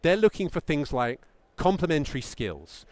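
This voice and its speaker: A middle-aged man giving a presentation to founders as a pitch coach, emphatic and lively, sometimes acting out what a founder might say. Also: normal speed, no room sound. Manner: animated, emphatic, acts out mock founder quotes.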